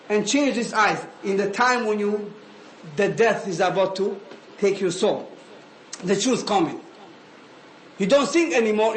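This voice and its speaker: A man giving an animated sermon, often calling listeners "habibi". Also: extremely high pitch. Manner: animated, switching between English and Arabic phrases, calling listeners "habibi". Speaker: preacher. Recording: echoey room with faint ambient noise.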